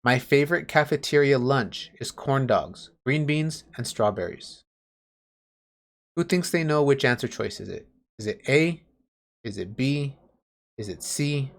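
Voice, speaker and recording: A man's voice: medium pitch, expressive, unhurried, vocal fry. Male teacher, mid-range voice, patient and plain-spoken, teaching over a video call. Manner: patient, explains with everyday examples. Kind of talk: online class lesson.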